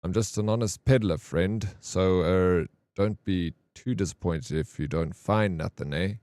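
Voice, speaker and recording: A man's voice: deep voice, unhurried, darkish tone, dry recording. A man voicing a chatty, folksy old male peddler in a video game, rambling in homely talk.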